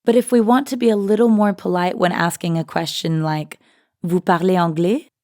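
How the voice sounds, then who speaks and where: Low-voiced woman explaining a lesson. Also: steady tone, normal speed, darkish tone, no room sound, studio quality. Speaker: language teacher and co-host. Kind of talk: scripted lesson dialogue.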